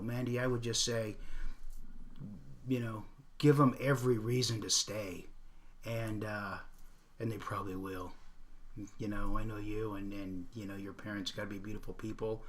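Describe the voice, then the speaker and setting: A middle-aged man hosting a casual livestream, chatting earnestly and showing makeup steps as he talks. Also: mid-range voice. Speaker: livestream host.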